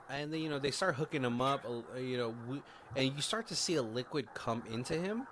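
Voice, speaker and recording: A male podcast co-host gives a casual movie recap, retelling the film's plot in a loose, rambling way packed with swearing and asides. His voice is at a typical male pitch, fairly bright, with lively intonation and a moderate pace. A faint background hum runs beneath the recording.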